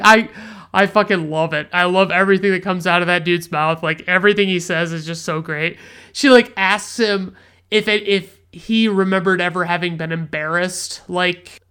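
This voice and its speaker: A woman with a smooth, resonant, slightly low voice chats loosely about a film, swearing freely. She circles back on herself with fillers and restarts as she retells scenes. The delivery is casual and unscripted. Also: a bit bright. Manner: rambling, profane, many restarts and fillers. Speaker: podcast host reviewing films. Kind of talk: casual spoken film review.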